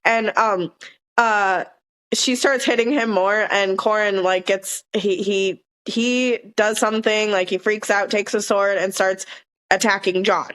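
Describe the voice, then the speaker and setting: A woman's voice: medium pitch, steady tone, unhurried, a bit bright. A woman with a Southern US accent co-hosting a podcast, rambling casually through episode scenes and quoting lines. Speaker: podcast co-host. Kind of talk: casual chat recapping a TV episode.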